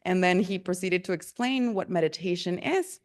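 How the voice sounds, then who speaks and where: A woman's voice: lowish voice, normal speed. A woman telling a story in a chatty, casual way, laughing often and using many fillers.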